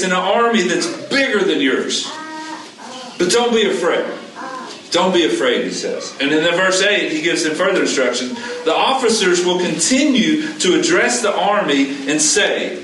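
A man preaching a conversational sermon, asking his listeners questions and repeating his key points in an animated way. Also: sits high. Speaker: pastor. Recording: echoey room, distant mic, background noise.

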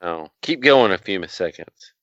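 Bright-voiced joking man on a dull mic. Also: deep voice, lively intonation, normal speed, no room sound. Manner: joking, rambling, profane. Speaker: podcast co-host. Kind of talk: casual podcast chat.

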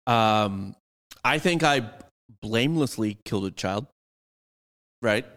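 A man's voice: on the low side, expressive, slow pace, a bit bright, big-room sound. A man chatting casually as a podcast co-host, joking and swearing, a bit drunk. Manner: joking, profane, mimics voices in bits. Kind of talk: casual chat.

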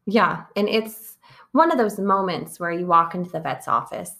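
Woman, podcast co-host, casual rambling chat, gravelly vocal fry, fillers everywhere. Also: fairly low pitch, lively intonation, moderate pace, bright, forceful tone. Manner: chatty, rambling with lots of "like".

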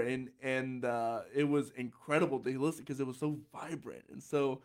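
A man's voice: medium pitch, fairly even intonation, normal speed. A man with a light tenor voice hosting a podcast, chatting casually, often restarting his sentences and laughing easily. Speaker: podcast host. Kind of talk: casual chat.

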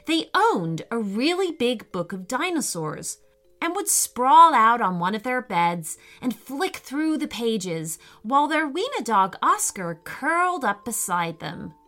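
A woman reading a children's story aloud in a gentle, expressive way. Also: on the high side, unhurried, soft background music.

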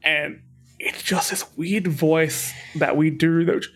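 A man hosting a podcast, chatting casually in a jokey, rambling way with quick bursts. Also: fairly high pitch, fairly even intonation, fairly bright tone, slightly rough. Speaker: podcast host.

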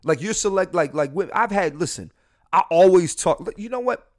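A man's voice: high voice, expressive, moderate pace, a little mellow. A young man hosting a solo podcast, talking in a crude, rambling, jokey way with lots of swearing and restarts. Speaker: podcast host.

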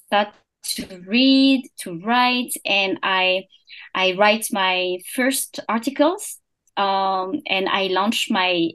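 Young French woman, guest in a casual interview; slow, halting delivery full of fillers. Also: medium pitch, a bit bright. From France. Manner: hesitant, many fillers and restarts. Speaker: podcast founder, guest.

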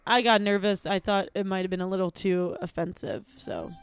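A woman hosting a comedy podcast over a video call, chatting quickly and apologizing often. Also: medium pitch, steady tone, clean tone, no room sound. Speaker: podcast host. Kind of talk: casual comedic chat.

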